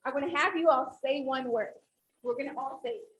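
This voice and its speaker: A woman's voice: high voice, a little fast, slight background noise, low-quality recording. A woman academic speaking on a panel, talking with animation and leading the audience through an exercise. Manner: animated, instructive, audience-engaging.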